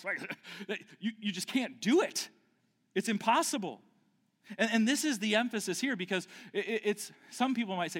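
A man's voice: high voice, expressive, normal speed, a bit bright. Emphatic preacher man in a reverberant hall. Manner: emphatic, rises and falls sharply, frequent restarts and rhetorical questions. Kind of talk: expository sermon.

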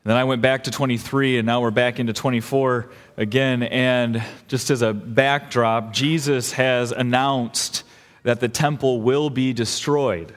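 A man's voice: mid-range voice, steady tone, a little slow. A young adult man preaching a sermon as pastor, earnest and emphatic, building in intensity. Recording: long hall reverb.

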